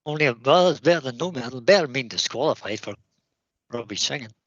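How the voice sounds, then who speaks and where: A man's voice: mid-range voice, animated, quick pace, no room sound, highs cut off. A man co-hosting a woodworking livestream, joking around and reading out viewer comments. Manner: jokey, reads viewer comments. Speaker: co-host. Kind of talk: livestream chat.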